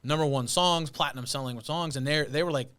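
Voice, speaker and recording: A man's voice: fairly high pitch, fairly quick, fairly bright tone, smooth. A man who is a guest on a podcast, telling stories about putting on concerts in a reflective, playful, conversational way. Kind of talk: casual interview chat.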